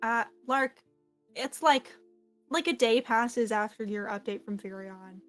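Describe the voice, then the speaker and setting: A woman running a tabletop game as game master, enthusiastic and quick to laugh. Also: fairly high pitch, a bit bright, faint music behind.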